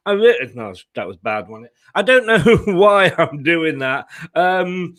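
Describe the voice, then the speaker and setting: A man's voice: on the high side, big pitch swings, a little slow, fairly bright tone. Jokey man hosting a live fan show. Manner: chatty and jokey, laughs often. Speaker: host of a football fan channel. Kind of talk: casual live-stream chat.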